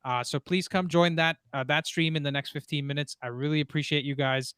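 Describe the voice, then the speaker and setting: A man's voice: fairly high pitch, steady tone, a little fast, a bit bright, clear, resonant tone, no echo. A man from India hosting a football live stream, chatting casually with lots of fillers and restarts. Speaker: stream host.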